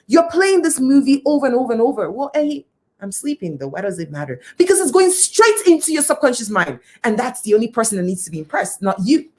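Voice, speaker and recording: A woman's voice: sits high, big pitch swings, quick pace, few pauses, darkish tone. A woman giving a motivational talk as a coach, emphatic and repeating phrases for effect. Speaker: guest speaker and coach.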